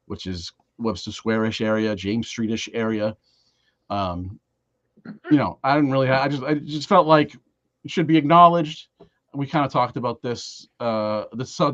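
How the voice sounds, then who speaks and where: A man hosting a local podcast, talking in a rambling, halting way with many fillers and restarts. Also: on the low side, fairly bright tone, no room sound. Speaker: podcast host. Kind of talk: casual podcast chat. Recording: dry, dull lo-fi sound.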